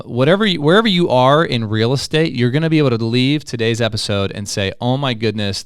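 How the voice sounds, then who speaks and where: Man, podcast co-host, energetic, joking, smooth, dry sound. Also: mid-range voice, no room sound. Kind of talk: casual podcast hosting.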